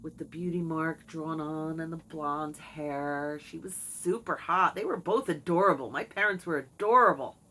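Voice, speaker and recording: A woman's voice: low-pitched, moderate pace, few pauses, sharp tone, a little hiss or hum, low-quality recording. A middle-aged woman vlogger telling a candid personal story to camera in a chatty, wry way. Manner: chatty, wry, talks to her cat between stories. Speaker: video blogger.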